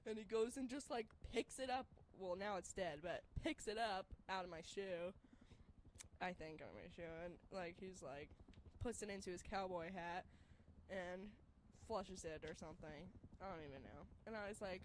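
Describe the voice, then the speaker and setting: A young woman telling a story in casual chat, rambling with many fillers and turning shrill and laughing when excited. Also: normal speed, a little hiss or hum.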